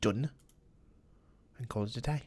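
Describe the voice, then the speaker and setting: A man's voice: medium pitch, unhurried, a little mellow, slightly rough. A man streaming a game, chatting with viewers and cursing casually in a put-on British accent. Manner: chatty, swears often, answers chat while playing. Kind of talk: casual gameplay commentary.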